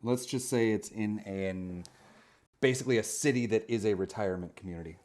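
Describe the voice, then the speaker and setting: A man making quick, dry asides in a casual stream chat. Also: lowish voice, a little mellow.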